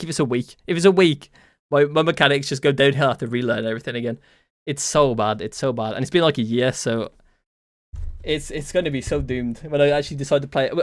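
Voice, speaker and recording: Young male streamer from the English West Midlands, mid-pitched, chatty and repetitive, dry close sound. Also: no echo. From West Midlands, England. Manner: rambling, repeats phrases, many fillers. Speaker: game coach and streamer. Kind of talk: casual live-stream chat.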